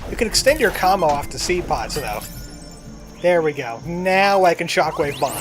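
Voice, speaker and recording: A man giving casual, self-deprecating gameplay commentary as a let's-play gamer. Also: sits high. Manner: self-deprecating, chatty, jokey. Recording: game music playing underneath.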